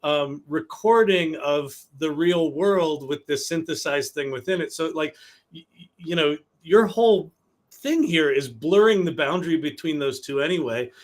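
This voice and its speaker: A man with a fairly high voice hosts the session and chimes in with eager comments. He often restarts his sentences mid-thought. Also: normal speed. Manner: enthusiastic, stammering restarts. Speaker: host. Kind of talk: casual discussion.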